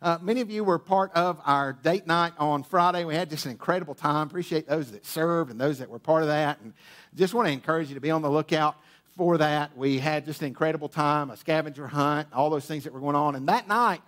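A high-pitched male pastor tells a funny personal story from the pulpit of a church auditorium. He stumbles through restarts and drops playful asides to the congregation. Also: a little fast. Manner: humorous, animated storytelling with many restarts. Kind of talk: storytelling sermon. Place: church auditorium with sound booth.

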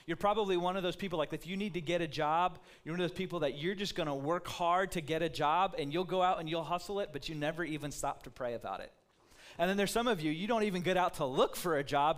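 A man preaching in a lively, conversational way, with a fairly high voice. He talks to the congregation directly and keeps them engaged. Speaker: pastor. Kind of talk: sermon.

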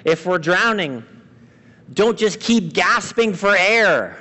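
A man preaches a sermon with a high voice. He swings from loud, emphatic lines to hushed, quiet ones. A long reverb from a large hall trails behind his voice. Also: lively intonation, measured pace, long pauses. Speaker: pastor.

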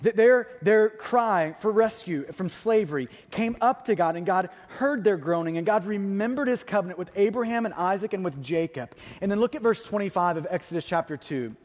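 A man's voice: high-pitched, lively intonation, normal speed, hardly any pauses, darkish tone, long reverb tail. A man preaching a sermon, telling a personal story with vivid detail and rhetorical questions to the congregation. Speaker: pastor.

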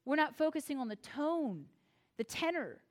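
A woman pastor delivering a sermon, telling stories with lively acted-out quotes. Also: high-pitched, normal speed. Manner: animated storytelling, acts out quoted voices.

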